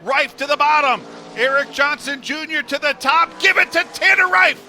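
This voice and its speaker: A man calling a stock car race live, building excitement toward the finish. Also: extremely high pitch, moderate pace. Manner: excited, rising to shouts at the finish. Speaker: race commentator.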